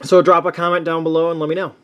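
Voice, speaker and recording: A man's voice: fairly high pitch, little pitch movement, racing, fairly bright tone, smooth. A man chatting casually through a toy review, enthusiastic and rambling, with many restarts and fillers.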